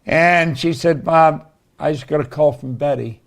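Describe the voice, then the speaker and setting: A man's voice: fairly high pitch, unhurried, creaky. A man giving a motivational talk, telling stories in an earnest way. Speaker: motivational speaker.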